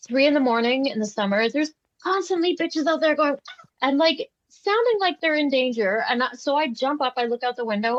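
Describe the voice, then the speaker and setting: A woman's voice: a little high, dry recording. Blunt, opinionated woman on a dull mic. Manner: blunt, opinionated, swears casually. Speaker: podcast host. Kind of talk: casual chat. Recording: dry, slightly dull mic sound.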